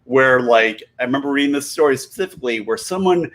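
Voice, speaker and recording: A man's voice: medium pitch, expressive, quick pace, a bit bright. A man in his thirties, a comedian guest, telling a story while a bit tipsy, rambling, cutting himself off and laughing mid-sentence.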